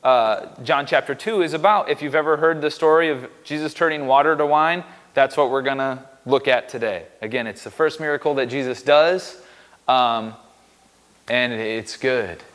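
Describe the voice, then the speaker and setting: A man's voice: mid-range voice, normal speed, fairly bright tone, long reverb tail. A man giving a casual, upbeat sermon in a church, joking and poking fun at himself. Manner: upbeat, joking, self-deprecating. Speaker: pastor.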